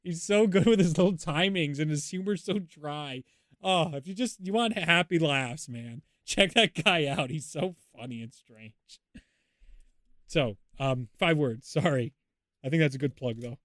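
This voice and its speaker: A man co-hosts a podcast in loose, casual chat, with a fairly high voice. He rambles and laughs often, and the sound is dry and close to the mic. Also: a little slow, fairly bright tone, no echo. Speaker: podcast co-host.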